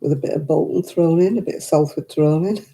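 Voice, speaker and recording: A woman hosts a craft live stream from her living room, talking into a desk mic. Her voice is very dark and mellow, sitting a little low, and she rambles chattily with frequent laughs. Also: quick pace, creaky. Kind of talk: casual chat while knitting, reading viewer comments. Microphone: desk microphone.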